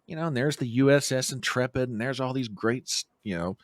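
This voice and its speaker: A man's voice: mid-range voice, brisk, no room sound, clean studio sound. A middle-aged American man telling a long travel story on a podcast and acting out the quotes. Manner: animated storyteller who acts out quotes. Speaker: podcast guest. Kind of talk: casual storytelling.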